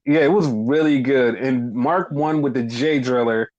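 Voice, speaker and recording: A man hosting a podcast, casually recapping wrestling in a profane, animated way and acting out what people said. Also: medium pitch, a little slow, dull audio. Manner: animated, profane, acts out quoted lines. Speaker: podcast host.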